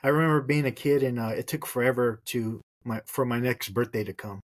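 A man's voice: medium pitch, steady tone, a little fast, no room sound. A man hosting a podcast, speaking reflectively and hesitantly, with many ums. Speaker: podcast host. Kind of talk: podcast conversation.

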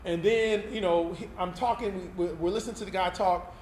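A man's voice: sits high, fairly even intonation, a little fast, darkish tone. A man preaching a personal testimony sermon in a candid, conversational way, often checking in with the congregation. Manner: candid, conversational, tag questions like "right?". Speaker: pastor. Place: event hall used for Sunday service. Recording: roomy hall sound with faint noise.

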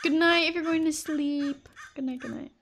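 Woman, twitch streamer, casual rambly chat, fairly high voice. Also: fairly even intonation, normal speed, a bit bright, a little hiss or hum. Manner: chatty, rambling, full of "like", acts out little scenes for chat. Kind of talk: casual live-stream chat while gaming.

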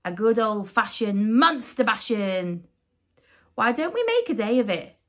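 A woman's voice: on the high side, sing-song, measured pace. A woman voicing a group of grumpy, bored townsfolk in a storybook, with a sighing, restless manner. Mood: bored, scheming.

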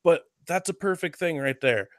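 A man's voice: on the high side, animated, normal speed, no echo. Opinionated man with a dry, close voice. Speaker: podcast co-host. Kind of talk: casual chat, wrestling commentary.

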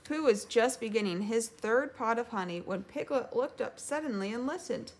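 A woman narrating a children's storybook in a gentle, measured way. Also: on the high side, animated, a little hiss or hum. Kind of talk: storybook read-aloud.

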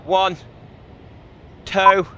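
A young man loudly and excitably commentating on a comedic VR game, often yelling and laughing. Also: high-pitched, drawn-out words, smooth. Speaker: gaming channel host.

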